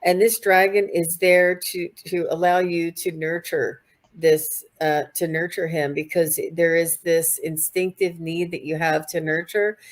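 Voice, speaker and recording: A woman doing a live spiritual reading in an unhurried, halting way. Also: fairly low pitch, little pitch movement. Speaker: psychic reader.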